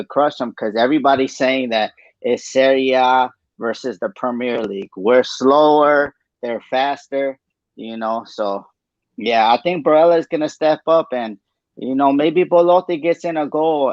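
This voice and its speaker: A man's voice: mid-range voice, dry recording, lo-fi sound. A man guest in a casual podcast chat, confident and laid-back.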